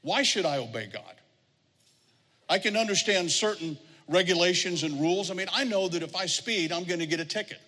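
A middle-aged man delivers a sermon from the pulpit, his voice sitting a little high for a man. He tells stories and slips into the voices of the people he quotes. The sound rings with the long reverb of a large hall. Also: lively intonation, brisk, pushed and bright. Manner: storytelling, acts out quoted voices. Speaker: pastor.

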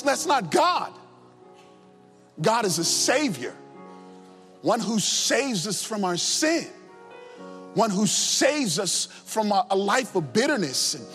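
A man's voice: high-pitched, a bit bright. A man preaching a sermon with passion, repeating his phrases and swinging his emphasis up and down. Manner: impassioned, repetitive, rising and falling emphasis. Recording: long hall reverb with faint music.

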